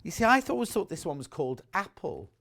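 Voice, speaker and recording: A man's voice: a little high, sing-song, quick pace, creaky, fairly bright tone. A man presenting fabrics on a live shopping channel, chatty and gushing, stopping often to correct himself. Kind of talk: live TV sales pitch.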